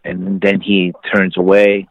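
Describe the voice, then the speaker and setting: A man with a fairly low voice tells a long personal story in a loose, rambling way, full of restarts and fillers. The sound is thin and phone-like, close and dry. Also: monotone, slow, no echo. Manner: rambling with many fillers and restarts, laughs easily. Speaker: guest telling his life story. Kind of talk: casual storytelling. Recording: tinny phone-like line, dry.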